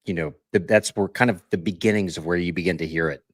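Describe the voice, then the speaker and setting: A man co-hosting a live stream, telling stories in a relaxed way and asking easygoing questions. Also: deep voice, fast talker, no room sound, studio quality. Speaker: co-host. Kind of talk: casual chat on a live stream.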